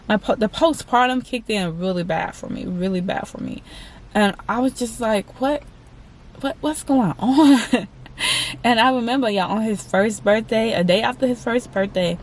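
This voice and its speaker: A woman in her twenties telling a candid personal story to her viewers, chatty and halting, often calling them "y'all". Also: fairly high pitch. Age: 20s. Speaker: vlogger.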